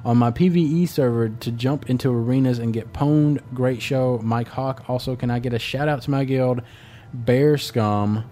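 A man's voice: mid-range voice, normal speed, dark tone. A man hosting a casual gaming podcast, reading listener emails aloud in a laid-back way, with hesitant fillers and blunt swearing.

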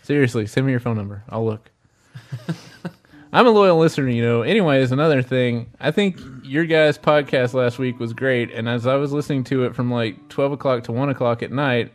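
A man's voice: mid-range voice, fairly even intonation, a little fast, few pauses. A man co-hosting a casual podcast, trading jokes and arguing his point in loose banter. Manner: joking, argumentative banter. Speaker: podcast host.

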